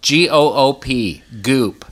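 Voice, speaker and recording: Playful male co-host, bright voice. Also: animated, takes it slowly. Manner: playful, breaks into a high old-timey character voice. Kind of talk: casual chat and word game.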